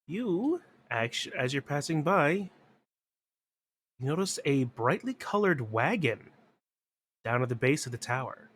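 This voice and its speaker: A man narrating a tabletop game as game master, describing scenes in a slow, measured way. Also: a little high, sing-song, fairly bright tone, breathy edge.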